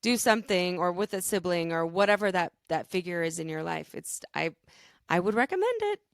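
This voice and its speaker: A woman's voice: on the low side, big pitch swings, a little fast, gravelly, no room sound, clean studio sound. Earnest rambling woman podcast co-host. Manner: earnest, rambling with many fillers. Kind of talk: casual chat.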